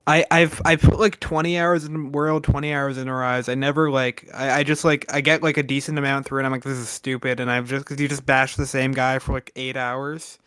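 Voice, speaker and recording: Rambling male podcaster, clear smooth voice, dry sound. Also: mid-range voice, little pitch movement, brisk, hardly any pauses, a bit bright, no echo. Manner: rambling, many restarts and "like"s. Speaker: podcast co-host. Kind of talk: casual podcast chat.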